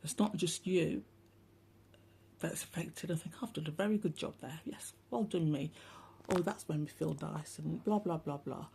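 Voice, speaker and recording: A woman's voice: low-pitched, normal speed, vocal fry, warm tone, husky. A woman hosting a rambling, casual spiritual monologue, talking bluntly, swearing often and turning sarcastic. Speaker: spiritual channel host.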